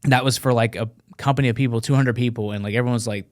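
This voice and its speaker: Animated Marine veteran telling a story. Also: male voice, medium pitch, fast talker. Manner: animated, acts out dialogue, profane. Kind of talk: casual storytelling.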